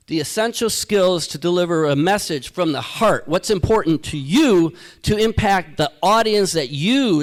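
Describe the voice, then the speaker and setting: A man giving a live keynote to an audience as a motivational speaker, energetic and rhetorical, tagging his points with "right?". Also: high voice. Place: event hall.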